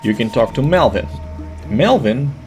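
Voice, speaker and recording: A man giving monotone, hesitant game walkthrough commentary with many fillers. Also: mid-range voice, measured pace, soft background music.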